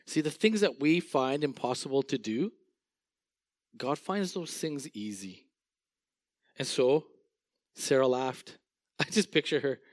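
A male pastor preaching a sermon in an animated, storytelling way, often chuckling as he paints vivid word pictures. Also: mid-range voice, slow pace, pauses often, no room sound, clean studio sound.

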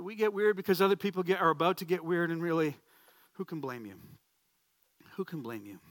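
A man's voice: on the high side, a bit bright, dry recording. A man in his fifties, a pastor, preaching a sermon in a storytelling way, with humorous asides and repeated phrases.

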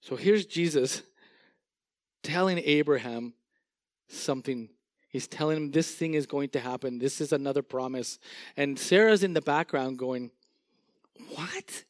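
A male pastor preaching a sermon in an animated, storytelling way, often chuckling as he paints vivid word pictures. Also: mid-range voice, normal speed, dry recording, clean studio sound.

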